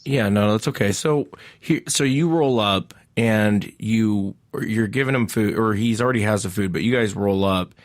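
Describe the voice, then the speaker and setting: Male host, lower voice, calm guiding questions, dry sound. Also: normal speed, few pauses, dry recording. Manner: calm, steering the guest with short prompts. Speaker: podcast host. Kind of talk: interview questions.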